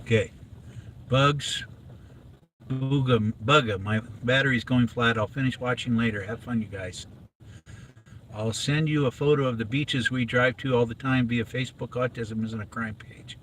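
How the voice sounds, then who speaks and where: A middle-aged man from inland California talks casually from the driver's seat, wandering from thought to thought with plenty of ums and uhs. His voice sits at an ordinary pitch, with a faint hum of road noise underneath. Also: fairly even intonation, normal speed, a bit bright, rough recording. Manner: rambling, chatty, with many fillers. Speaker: father, vlog host. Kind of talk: casual chat while driving. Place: inside a car on a drive.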